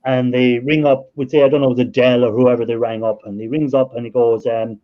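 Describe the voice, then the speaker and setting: A man's voice: medium pitch, level tone, brisk, muffled recording. An Irish man hosting a live stream, telling stories in a chatty way and laughing often. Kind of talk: casual storytelling chat.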